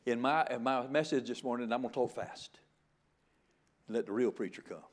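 A man's voice: medium pitch, brisk. An older man giving a sermon as a guest preacher. He jokes in a folksy way and often stammers into restarts.

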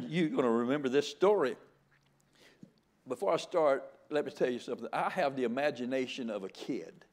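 A man's voice: mid-range voice, lively intonation, moderate pace. An older man giving a sermon as a guest preacher. He jokes in a folksy way and often stammers into restarts.

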